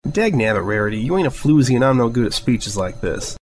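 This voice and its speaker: A man's voice: medium pitch, very animated, brisk, darkish tone, natural voice. A man voicing a blunt, down-to-earth female farm pony who talks in a folksy rural way. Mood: earnest.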